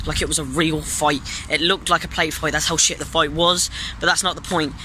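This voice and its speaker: A teenage boy vlogging outdoors by traffic, talking excitedly to his viewers and swearing freely. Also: a little high, brisk. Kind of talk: casual vlog talk to camera. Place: outdoors in an urban park by traffic. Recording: loud outdoor street noise.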